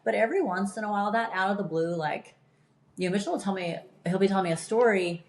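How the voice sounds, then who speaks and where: A woman's voice: mid-range voice, fast, darkish tone. A woman hosting a podcast in candid casual chat, emphatic and blunt, swearing freely. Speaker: podcast host.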